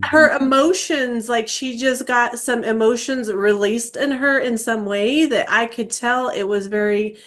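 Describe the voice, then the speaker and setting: A woman in her forties hosting an interview, chatting warmly about her own experience, with frequent "um" and "uh" fillers. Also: on the high side, measured pace, few pauses. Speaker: interview host. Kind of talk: casual interview chat.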